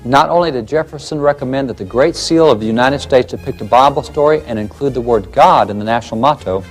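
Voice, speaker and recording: A man's voice: medium pitch, fast, faint music behind. A man presenting a documentary lecture, emphatic and fond of rhetorical questions.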